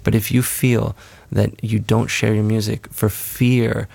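A man's voice: lowish voice, level tone, unhurried, creaky, darkish tone, husky, no room sound. A man being interviewed as a musician, talking in an earnest, rambling way with many restarts and self-corrections. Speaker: musician guest. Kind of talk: casual interview talk.

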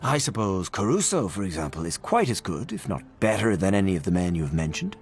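A man's voice: deep voice, big pitch swings, a little fast. A man voicing a polite, offhand young male tenor with a cool, slightly raised voice in a storybook reading. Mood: assured.

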